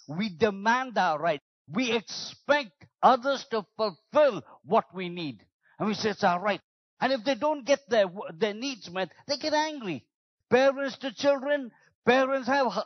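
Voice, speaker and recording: A man preaching a sermon as pastor, acting out the complaints he quotes in a lower voice. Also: dry recording, muffled recording.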